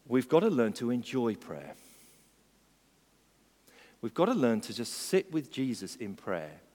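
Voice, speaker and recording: A male preacher delivers a sermon with a lively, animated voice that climbs into fervent exhortation. His words carry a long reverb from a large church hall. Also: mid-range voice. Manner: builds from quiet reflection to fervent exhortation.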